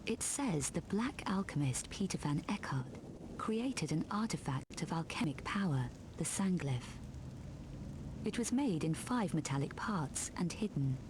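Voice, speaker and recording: An actress voicing an adult woman adventurer with a British accent, reading clues in a soft, hushed voice. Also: low voice, lively intonation, a little slow, background noise.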